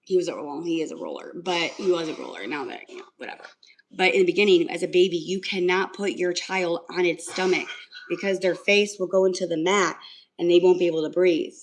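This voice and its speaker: A woman's voice: on the low side, brisk, a little hiss or hum, low-quality recording. A young woman talking casually on a livestream, telling a story in an emotional, rambling way with lots of fillers. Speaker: livestream host.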